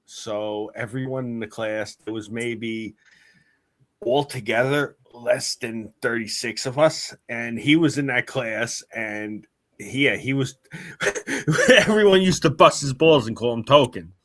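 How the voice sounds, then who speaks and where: A man's voice: medium pitch, fairly bright tone, no echo. A man in his forties chatting casually and telling stories, a bit drunk, swearing freely. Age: 40s. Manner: swearing streetwise storyteller, tipsy from drinks. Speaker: guest on a live stream. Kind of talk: casual chat.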